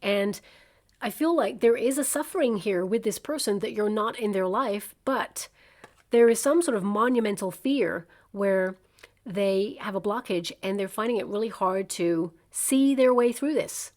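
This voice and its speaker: Casting note: woman, tarot reader, easygoing and musing one-on-one delivery, mid-range pitch. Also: unhurried, darkish tone. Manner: conversational, musing, frequent "you know" and "like". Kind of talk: tarot reading monologue.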